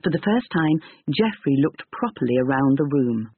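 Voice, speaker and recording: A man narrating a storybook reading in a measured, expressive way, on a tinny narrow-band recording. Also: a little high, breathy edge, no echo.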